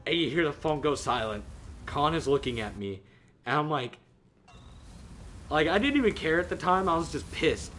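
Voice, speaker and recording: A man telling a story in casual chat with friends, animated and swearing, often laughing and acting out people's voices. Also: a little high, moderate pace, pauses often. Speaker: streamer. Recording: faint background noise.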